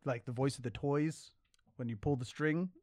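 A man's voice: medium pitch, normal speed, darkish tone, no echo, clean studio sound. Swearing, rambling man podcaster. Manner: rambling, swears freely, trails off mid-thought. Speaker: podcast co-host. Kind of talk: casual chat.

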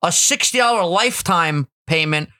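A man hosting a podcast, telling stories in casual, animated, profane chat. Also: sits high, moderate pace, no echo, clean studio sound. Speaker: podcast host.

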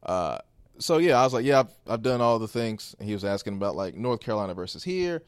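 A man hosting a podcast, telling a story casually in a rambling, animated way with quoted asides. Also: lowish voice, fast, clear, resonant tone, no echo, studio quality. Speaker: podcast host.

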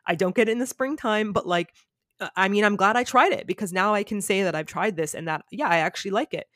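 A woman guest in casual conversation, telling stories with lively acted-out quotes. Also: mid-range voice, quick pace, dry recording, clean studio sound. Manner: animated storyteller, acts out quotes. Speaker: podcast guest. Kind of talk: casual chat.

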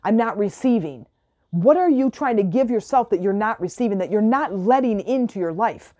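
A woman's voice: medium pitch, expressive, moderate pace, mellow, lo-fi sound. A woman coach giving a motivational self-help talk, emphatic, repeating key phrases and acting out the questions people ask her.

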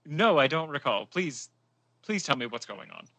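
A man playing a tabletop game, speaking in a dry, deadpan, bewildered way. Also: a little high, moderate pace, no echo. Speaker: player.

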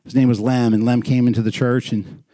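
A man's voice: mid-range voice, little pitch movement, a little fast, mellow. A male pastor preaching a sermon in a small church, talking conversationally, prodding the congregation with questions and repeating words for emphasis.

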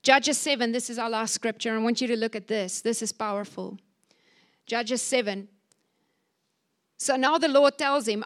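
A woman's voice: a little high, moderate pace, long pauses, a bit bright. A woman preaching a sermon in a church service, fervent and exhorting, acting out scripture quotes with a raised voice.

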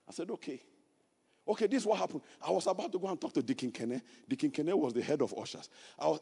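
A Nigerian man preaching a sermon, telling a personal story and building to loud, emphatic preaching. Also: a little high, slightly rough, big-room sound. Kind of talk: sermon testimony.

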